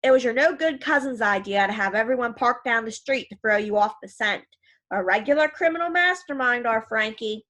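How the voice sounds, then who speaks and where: A man's voice: very high-pitched, expressive, brisk, sharp tone, exaggerated voice. A woman reading as a wry, mock-stern uncle.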